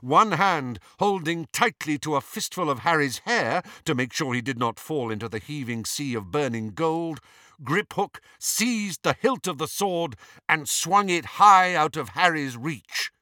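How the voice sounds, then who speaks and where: A man's voice: a little high, animated, unhurried, bright, forceful tone, dry recording, clean studio sound. A man narrating a fantasy story aloud in a dramatic, suspenseful way. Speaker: audiobook narrator.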